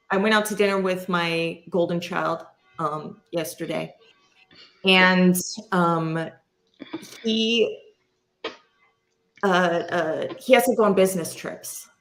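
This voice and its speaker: A woman's voice: on the low side, fairly bright tone, a little hiss or hum. A middle-aged woman hosting a candid chat, blunt and self-mocking, swearing freely. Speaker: podcast host.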